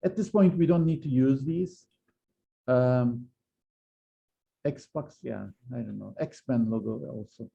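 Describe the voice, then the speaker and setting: A man's voice: mid-range voice, takes it slowly, creaky, pauses often. A man giving a university physics lecture, explaining step by step with frequent hesitations and restarts. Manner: hesitant, many fillers and restarts while explaining. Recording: slightly dull lo-fi lecture recording.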